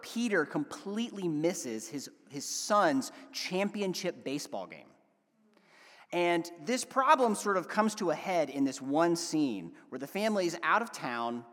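A male pastor with a somewhat high voice preaches in a relaxed, chatty way and trails into fillers now and then. His words ring out with a long reverb, as in a church sanctuary. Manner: casual, conversational preaching with fillers. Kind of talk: sermon.

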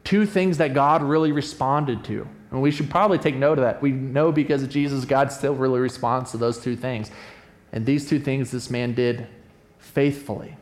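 A man preaching a sermon in an animated, conversational storytelling way, often checking in with his listeners. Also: moderate pace. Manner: animated storytelling, acts out quoted voices with a raised pitch; conversational, often asks "right?". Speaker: pastor.

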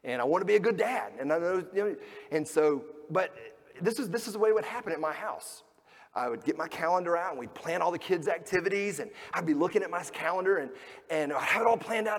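A middle-aged man preaching a sermon as a pastor, telling stories and acting out the people in them, moving from loud to hushed. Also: sits high, expressive, fast talker, long reverb tail. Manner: storytelling, acting out quoted voices, swings between loud and hushed.

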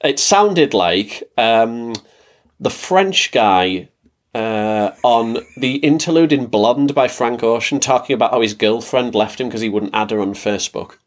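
A man of middle pitch co-hosting a casual podcast. He talks in a dry, rambling way and keeps hedging what he says. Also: animated, a little slow. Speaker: podcast co-host.

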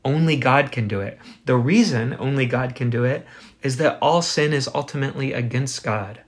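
A man preaching a sermon as pastor, earnest, building his points with rhetorical questions and slowing for emphasis. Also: medium pitch.

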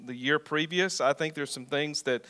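A man's voice: fairly high pitch, normal speed, bright, forceful tone. A middle-aged male pastor preaching a sermon, reading scripture and putting questions to his congregation. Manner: preaching, asks the congregation questions and calls for responses.

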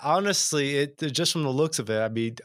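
A man's voice: a little high, brisk, a bit bright, no room sound, studio quality. A man co-hosting a podcast in casual chat, teasing his partner and stammering at the start of sentences. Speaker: podcast co-host.

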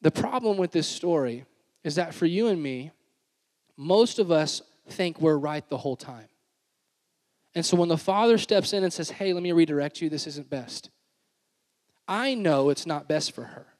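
A man in his thirties preaches a sermon with a fairly high voice. He tells a family story with laughter, then settles into a hushed, earnest tone. His voice rings with the long reverb of a large hall. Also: expressive, moderate pace. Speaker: pastor.

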